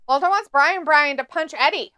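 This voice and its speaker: Giggly high-voiced woman reading chat. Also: moderate pace, sharp tone, no echo. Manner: laughs often, reads viewer chat aloud. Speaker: live stream co-host. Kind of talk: casual watch-along chat.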